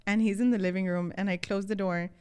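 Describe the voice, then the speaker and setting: A woman co-hosting a casual podcast chat, telling a story with animated acted-out quotes. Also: medium pitch, fast, smooth. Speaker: podcast co-host.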